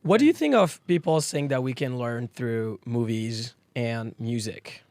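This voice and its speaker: A man's voice: medium pitch, measured pace, dry recording. A man with a French accent, a native French speaker, hosting a casual conversation and telling stories animatedly. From France. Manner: animated, lively storytelling. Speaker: host.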